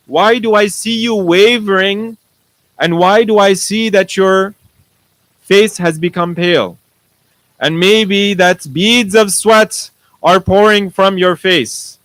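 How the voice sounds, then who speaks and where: A man's voice: sits high, steady tone, slow, a bit bright, no room sound, rough recording. A man voicing a grown enemy commander who presses a general with probing questions. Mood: questioning. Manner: questioning, taunting.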